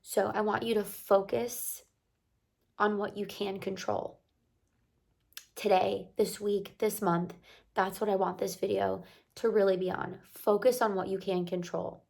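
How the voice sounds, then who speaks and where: A young woman vlogger with a hoarse voice from crying, chatting to her viewers with casual motivational encouragement and rambling asides. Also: medium pitch, level tone, a little slow, darkish tone. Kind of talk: casual motivational talk to camera.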